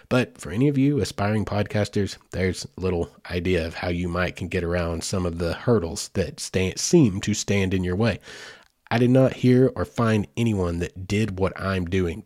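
Guy podcasting, low voice but real animated, chatty and apologetic, dry room close mic. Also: no room sound. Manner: chatty, self-deprecating, rambling with asides. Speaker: podcast host. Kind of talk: casual podcast monologue.

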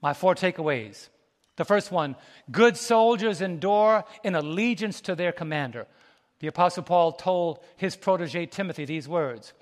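A man preaches in a high, lively voice, throwing questions back to his congregation and laughing between homespun stories. His words ring out with the long reverb of a church sanctuary. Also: moderate pace. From United States. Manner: animated, preachy call-and-response with the congregation; laughs between stories, folksy colloquial speech. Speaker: pastor. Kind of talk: sermon.

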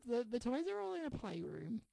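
A woman's voice: fairly high pitch, sing-song, brisk, gravelly, warm tone, no room sound, rough recording. A woman guest in casual chat who corrects details and makes dry remarks.

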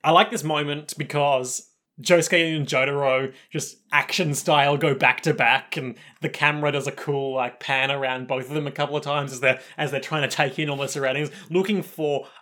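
A man's voice: fairly high pitch, moderate pace. A man co-hosting a casual podcast, retelling an anime episode with laughs and acted-out lines. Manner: animated retelling, acts out characters' lines with laughs. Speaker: podcast co-host. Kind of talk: casual anime recap chat.

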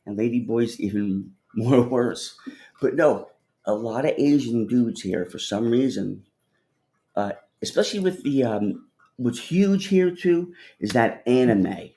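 A man's voice: mid-range voice, animated, unhurried, mellow. A man hosting a livestream, chatting casually with viewers in a rambling, profane way and laughing often. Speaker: livestream host.

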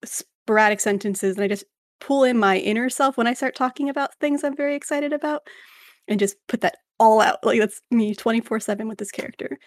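A woman's voice: on the high side, fairly quick, dry recording, studio quality. A woman who runs tabletop games, chatting casually on a podcast in a self-deprecating way. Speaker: game master and podcast co-host. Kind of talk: casual chat.

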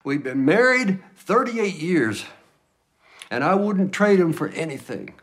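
A blunt, fed-up husband. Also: male voice, on the high side, big pitch swings, a little slow, a bit bright. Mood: earnest. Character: exasperated husband defending his son. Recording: film clip audio.

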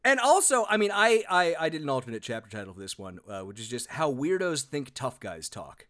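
A man's voice: a little high, big pitch swings, fairly quick, pushed and bright. A man co-hosting a casual book review podcast, joking and reading passages aloud in a mock-dramatic voice. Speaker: podcast co-host.

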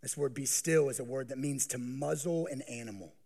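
A male pastor preaching a sermon, swinging from hushed, slow lines to loud, pleading acted voices. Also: mid-range voice, vocal fry.

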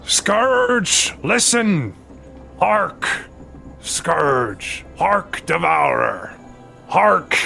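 A man's voice: gravelly, sharp tone, exaggerated voice. A man voicing a theatrical male bard who declaims a curse in old-fashioned words. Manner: booming archaic declamation.

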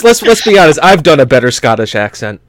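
A man co-hosting a gaming podcast in casual chat, rambling with lots of fillers and quick to laugh. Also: a little high, very animated, a bit bright, no room sound, clean studio sound. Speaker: podcast co-host.

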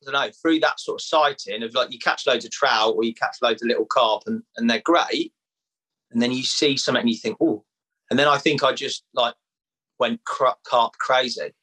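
A man's voice: medium pitch, steady tone, fairly quick, pushed and bright, low-quality recording. A man in his thirties from England, chatting casually as a podcast guest about fishing, with lots of "like" and "mate". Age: 30s. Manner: chatty, laid-back, says "mate" and "like" a lot. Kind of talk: casual chat.

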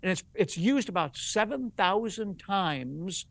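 A man with a notably high speaking voice explains ideas patiently, laying out examples one by one. His delivery is earnest and instructive, like a teacher in a broadcast interview. The sound is dry and close. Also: animated, slow, vocal fry, fairly bright tone, no echo. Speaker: rabbi and Bible teacher, interview guest.

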